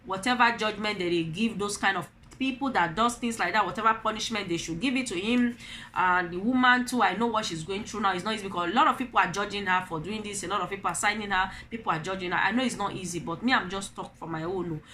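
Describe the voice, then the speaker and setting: Nigerian mom ranting to camera, bright voice, lively stories, a bit of hiss behind. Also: female voice, mid-range voice, quick pace. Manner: animated storytelling with rhetorical questions. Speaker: vlogger, mother. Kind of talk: opinion vlog talking to camera.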